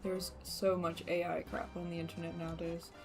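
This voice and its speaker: Young woman, from Australia, mixed Boston-leaning accent, casual gaming chatter, lowish voice, game music underneath. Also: completely flat delivery, fairly quick. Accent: mixed, American Boston-like with Australian traces. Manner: chatty, rambling, laughs often. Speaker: gaming streamer. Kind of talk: casual live-stream commentary. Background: game music and keyboard typing.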